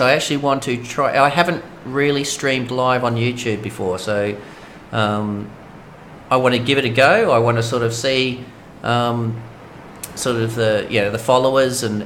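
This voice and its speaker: A man's voice: mid-range voice, a bit bright, slight background noise. An Australian man chatting casually with viewers as he live-streams a video game, rambling and friendly. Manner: chatty, rambling, talks to viewers while playing.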